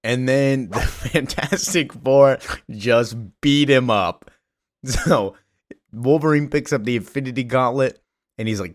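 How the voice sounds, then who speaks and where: A man's voice: medium pitch, unhurried, dry recording, clean studio sound. A man casually recapping a comic story, rambling with many fillers.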